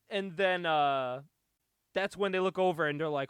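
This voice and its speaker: A young man hosting a podcast, casually recapping a comic book, animated and laughing often. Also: high-pitched, moderate pace, clear, resonant tone, no room sound, clean studio sound. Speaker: podcast host.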